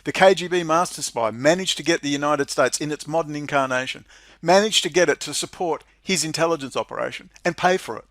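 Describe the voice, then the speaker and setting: A man reading out a policy document and ranting about it in sarcastic commentary, often breaking into mocking, high-pitched laughter. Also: fairly quick, a bit bright, no echo, studio quality. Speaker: political commentary vlogger.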